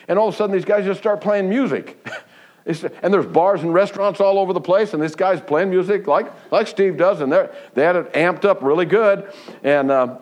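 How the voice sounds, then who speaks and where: A man preaching a sermon who tells stories with growing excitement, often restarting his sentences. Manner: animated storytelling, pitch climbing high when excited; restarts and stumbles, laughs between phrases. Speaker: pastor.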